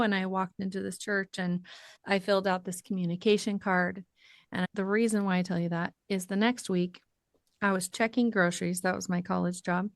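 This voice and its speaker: Gravelly-voiced woman telling her story. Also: mid-range voice, no room sound, clean studio sound. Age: middle-aged. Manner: lively, animated storytelling with acted quotes. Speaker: podcast guest, author and ministry founder. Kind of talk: personal storytelling in an interview.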